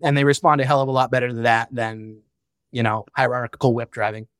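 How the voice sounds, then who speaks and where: Speaking fast in a steady, mid-range voice with a fairly bright tone, a podcast guest who is a founder and father opens up candidly in a conversational interview. He's frank and reflective, swears casually, and the studio-quality recording has no echo.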